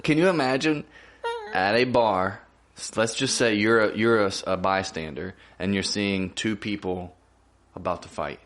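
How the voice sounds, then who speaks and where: A man's voice: lowish voice, moderate pace, fairly bright tone. A man co-hosting a casual podcast chat, teasing and laughing easily. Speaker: podcast co-host.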